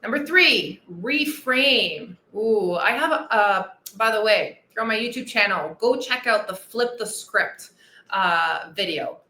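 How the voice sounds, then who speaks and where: A woman's voice: medium pitch, lively intonation, measured pace, bright, forceful tone, reverberant. A woman weight-loss coach hosting a motivational podcast monologue, enthusiastic and earnest, repeating her key phrases.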